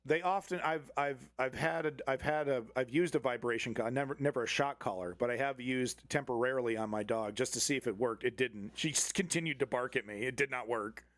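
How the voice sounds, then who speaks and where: Male streamer reacting to a clip, blunt and profane, mid-pitched, dry close sound. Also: no echo. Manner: blunt and profane, with frequent restarts. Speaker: live news commentary host. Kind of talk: casual live-stream commentary.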